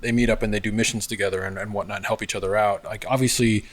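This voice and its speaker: A man's voice: lowish voice, steady tone, very fast. A man chatting casually, rambling through his theories with lots of fillers. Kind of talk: casual chat.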